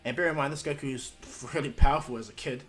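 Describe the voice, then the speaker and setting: A man's voice: mid-range voice, fast, a bit bright, faint music behind. A man casually telling a fan-made story, rambling with lots of fillers.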